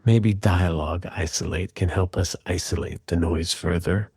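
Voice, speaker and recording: A man calmly and methodically walking through an audio repair tutorial in voice-over. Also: sits low, normal speed, husky, no room sound, studio quality. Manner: calm, methodical explaining. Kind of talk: screen-recorded software tutorial.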